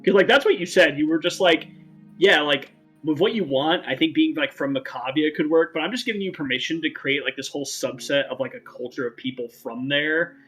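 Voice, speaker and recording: Bright-voiced rambling male host. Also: fairly high pitch, fairly quick, slightly rough, faint music behind, rough recording. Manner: rambling, full of "like" fillers. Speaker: talk show host. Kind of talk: casual chat.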